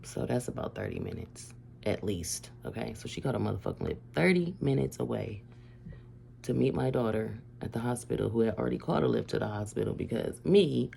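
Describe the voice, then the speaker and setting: A middle-aged woman from Ohio telling a family story to camera in a casual, animated way, swearing freely and often breaking into laughter. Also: very deep voice, fairly quick, creaky, breathy edge. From Ohio, USA.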